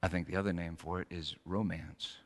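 Middle-aged preacher in a reverberant hall. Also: male voice, low-pitched, fairly even intonation, a little fast. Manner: storytelling, swings from hushed to emphatic. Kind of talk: sermon.

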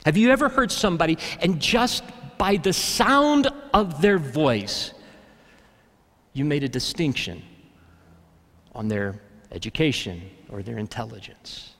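A man's voice: on the high side, lively intonation, measured pace, fairly bright tone, long reverb tail. A man preaching a sermon in an easy, conversational way, with bursts of emphasis. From Alabama, US South. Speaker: pastor.

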